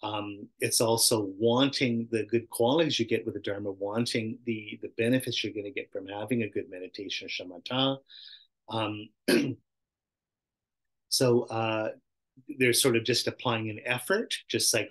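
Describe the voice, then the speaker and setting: A man's voice: fairly low pitch, fairly even intonation, normal speed. A middle-aged man teaching a casual meditation class, chatty and self-interrupting, often laughing and acting out little voices. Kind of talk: casual dharma talk.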